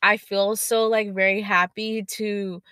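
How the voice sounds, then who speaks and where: A young woman podcast host telling casual stories with lots of swearing, animated and chatty. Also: mid-range voice, a little slow, clean tone, no echo. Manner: swears a lot, animated storytelling. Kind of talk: casual chat.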